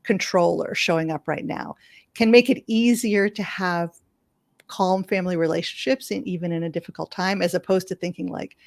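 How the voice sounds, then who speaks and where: A woman physician, a guest on an interview podcast, explaining things calmly and often checking in with "right?". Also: fairly low pitch, fairly quick, dry recording. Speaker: palliative medicine physician, guest. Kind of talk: conversational interview.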